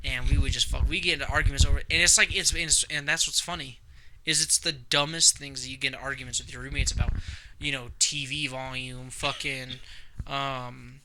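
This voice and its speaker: A young man telling stories on a podcast in a very bright, forceful voice, animated and profane. He acts out old quarrels with big swings, over a faint hiss of background noise. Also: medium pitch, fairly quick, rough recording. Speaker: podcast co-host. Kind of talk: casual storytelling chat.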